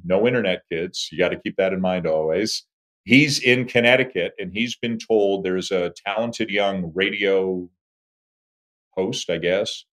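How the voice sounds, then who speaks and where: A man in his fifties, a sportscaster, telling stories about his career as an animated interview guest. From Toronto, Canada. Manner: animated storyteller, lively swings in pitch and volume. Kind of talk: conversational interview storytelling.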